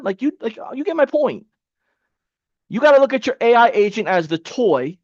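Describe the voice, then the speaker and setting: A man with a high voice leads an online training with casual, energetic coaching and repeats points for emphasis. The sound is dry and a little dull, like a lo-fi webcam mic. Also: moderate pace, no room sound. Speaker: webinar coach.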